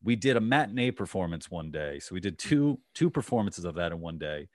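A man with a fairly low voice hosts a podcast and tells a long, rambling anecdote. He stops and restarts his sentences a lot, and fills the gaps with fillers. The sound is dry and close. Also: very animated, fairly quick, no room sound. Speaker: podcast host. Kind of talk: casual podcast chat.

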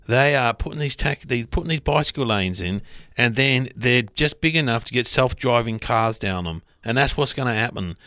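A man's voice: mid-range voice, expressive, moderate pace, hardly any pauses, sharp tone, dry recording, clean studio sound. A man quoting a chatty, conspiracy-minded female London taxi driver with a London accent, in a casual podcast chat. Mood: ranting.

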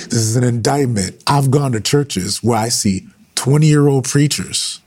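A man preaching fervently in a husky, breathy voice, hammering each point by saying it again and again. He talks directly to his listeners as he goes, in a live-streamed style of preaching. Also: medium pitch, darkish tone. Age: adult with sons. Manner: fervent, repeating phrases for emphasis. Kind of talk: impassioned preaching on a livestream.

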